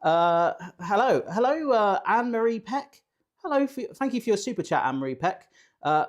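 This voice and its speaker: A man's voice: high voice, very animated, a little fast. A British man hosting a live cooking stream from a kitchen, chatty and jokey, poking fun at himself while he reads out viewer comments. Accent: British English. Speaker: cooking show host.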